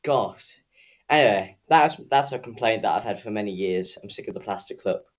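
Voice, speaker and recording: Sweary, teasing podcast host. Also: male voice, lowish voice, expressive, brisk, muffled recording. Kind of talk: casual chat.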